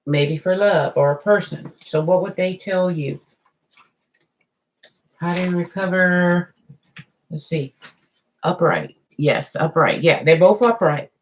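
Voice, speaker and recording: A woman giving a live tarot reading in a chatty, drawn-out way, full of asides. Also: fairly low pitch, rough recording. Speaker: tarot reader.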